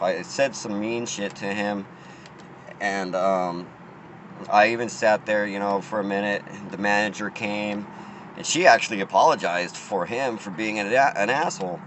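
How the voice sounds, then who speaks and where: Outdoors, with passing cars and a clear wash of street noise behind him, a man with a fairly low, slightly bright voice tells a story. It comes out as a rambling, profane rant at normal speed, full of stumbles and restarts. The audio quality is poor.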